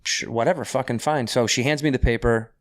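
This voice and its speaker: A man tells a story in casual chat, with a smooth and resonant voice. He is animated, acts out the voices of the people he quotes, and swears freely. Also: mid-range voice, brisk. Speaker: podcast guest.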